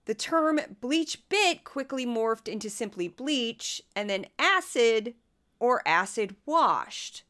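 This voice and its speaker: A hoarse woman hosting a podcast, talking in a chatty, sarcastic and self-deprecating way. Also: on the high side, a bit bright. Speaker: podcast host. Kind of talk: casual commentary podcast.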